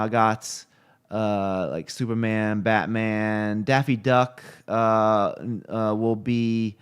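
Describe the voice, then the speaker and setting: A man talks casually on a live stream and wanders between thoughts. He stops often to search for words or to check his screen and the chat. His voice is smooth and clear, at an ordinary pitch. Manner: rambling, halting, many fillers and restarts; reads chat and looks things up on screen while talking.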